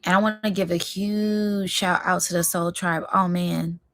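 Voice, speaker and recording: A woman hosting a spiritual reading vlog, talking in a slow, effusive and emotional way, close to tears of joy and calling her viewers y'all. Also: fairly low pitch, steady tone, a bit bright, no room sound. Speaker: spiritual reading channel host.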